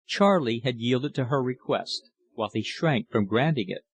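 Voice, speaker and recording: A male audiobook narrator with a mid-range voice reads a classic novel aloud in a steady, measured manner.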